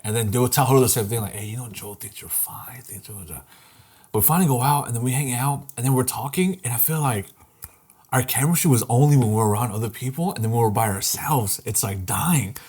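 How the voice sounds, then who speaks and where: Young man, podcast co-host, husky voice, middle pitch, relaxed swearing tale. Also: fast. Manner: laid-back storytelling, swears freely. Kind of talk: casual chat.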